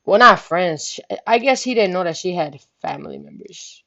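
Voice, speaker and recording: A woman's voice: fairly low pitch, wildly swooping pitch, normal speed, fairly bright tone, muffled recording. A young woman vlogger telling a story casually, profane and rambling, often asking "you know what I'm saying". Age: young adult.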